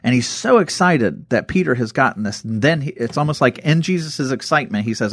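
A man in casual conversation, retelling Bible stories with lively acted-out quotes. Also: mid-range voice, a little fast, few pauses, no room sound, clean studio sound. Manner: animated storytelling, acts out quoted voices.

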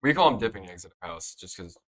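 A man's voice: sits low, big pitch swings, quick pace, fairly bright tone. A young man in casual podcast chat, easygoing and brief.

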